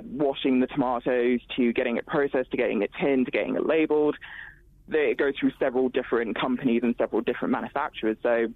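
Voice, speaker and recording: A man's voice: mid-range voice, no echo. A man explaining at length in an interview, in a loose way with fillers. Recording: tinny phone line.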